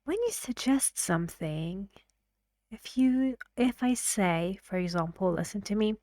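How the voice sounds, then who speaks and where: Slow, patient woman teaching English. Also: mid-range voice, expressive, warm tone, no echo, clean studio sound. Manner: patient, explaining step by step with questions to learners. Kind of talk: online pronunciation lesson.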